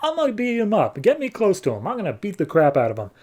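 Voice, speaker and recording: Man doing a shrunken alien man, hot-headed, brash, high-pitched, comic retelling. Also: wildly swooping pitch, fast, darkish tone, full character voice. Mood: angry, eager. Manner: brash and blustery.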